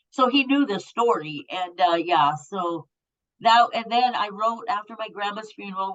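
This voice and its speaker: A woman's voice: mid-range voice, a bit bright, lo-fi sound. Blunt, profane woman in her fifties. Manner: blunt, profane, emotionally raw. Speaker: guest. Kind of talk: candid storytelling.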